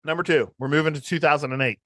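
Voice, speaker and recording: A man's voice: a little high, steady tone, rapid-fire, fairly bright tone, dry recording. A man in his forties co-hosting a podcast, chatting casually and enthusiastically, rambling with restarts. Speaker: podcast co-host. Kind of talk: casual chat.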